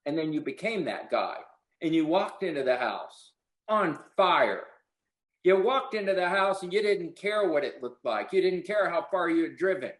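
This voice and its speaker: A man's voice: sits high, fairly bright tone, echoey room, poor audio. A man coaching a salesperson in a blunt, preachy motivational style, swearing casually. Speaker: sales trainer.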